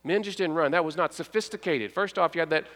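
High-voiced man preaching in a reverberant church. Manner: storytelling, acts out voices, dramatic pauses and hushed moments. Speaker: pastor. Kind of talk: sermon. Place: church sanctuary.

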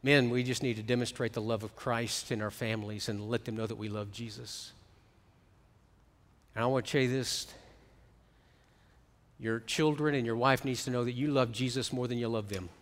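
A man's voice: mid-range voice, fairly even intonation, moderate pace, pauses often. Preacher man in a reverberant hall. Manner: preaching with swells from hushed to emphatic. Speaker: pastor. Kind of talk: sermon.

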